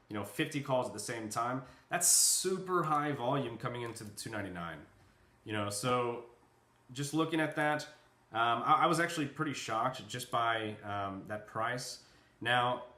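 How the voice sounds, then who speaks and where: A man presents a software product in a casual, unscripted walkthrough, full of fillers as he thinks aloud. His voice is bright and forward. It is recorded in an echoey room. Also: medium pitch. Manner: loose and chatty, many fillers, thinks aloud.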